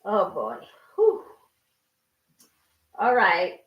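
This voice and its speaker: A woman's voice: medium pitch, wildly swooping pitch, extremely slow, muffled recording. A woman chatting to herself as she cooks at home, counting ingredients aloud and sighing or exclaiming as she goes. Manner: talks to herself while cooking, with sighs and exclamations. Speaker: channel host cooking on camera. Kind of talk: casual cooking narration. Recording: echoey room.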